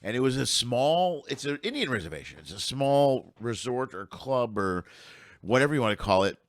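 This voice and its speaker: A man's voice: mid-range voice, big pitch swings, normal speed, no echo, studio quality. A middle-aged man who works as a comedian, telling rambling road stories in casual chat and swearing freely. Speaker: comedian guest.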